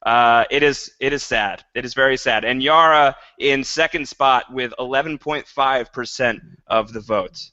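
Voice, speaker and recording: A man's voice: mid-range voice, normal speed, hardly any pauses, pushed and bright, dry recording. A man co-hosting a podcast in casual chat, playful and mock-dramatic. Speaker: podcast co-host. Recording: dull lo-fi podcast audio.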